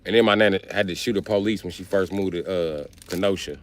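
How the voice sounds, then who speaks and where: A man on a live stream telling a funny family story, animated and profane, with heavy slang. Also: low voice, quick pace, slight background noise. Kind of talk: comic storytelling.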